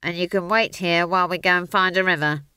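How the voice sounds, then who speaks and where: A woman's voice: on the low side, fairly even intonation, fairly quick, bright, forceful tone, clean tone, dry recording. A woman voicing a sullen, irritable male dwarf who speaks in curt, grumbling bursts. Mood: grumpy. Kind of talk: audiobook character voice.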